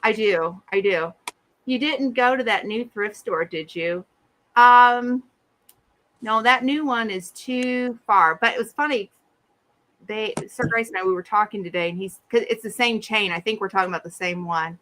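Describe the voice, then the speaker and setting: Speaking at normal speed in a mid-range voice, a middle-aged woman co-hosts a casual podcast chat. Her funny stories are animated, with the quoted people's voices acted out.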